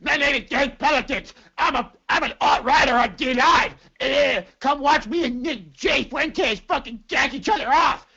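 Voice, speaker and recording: A man putting on a squeaky crude prankster. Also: normal speed, creaky, few pauses, sharp tone, full character voice. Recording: muffled lo-fi call audio.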